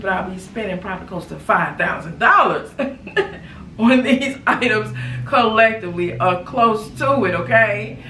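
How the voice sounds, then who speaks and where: Slow, gravelly woman vlogger. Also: mid-range voice. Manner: animated, repeats phrases for emphasis. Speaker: lifestyle vlogger. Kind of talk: casual haul vlog. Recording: echoey room, far from mic, background noise.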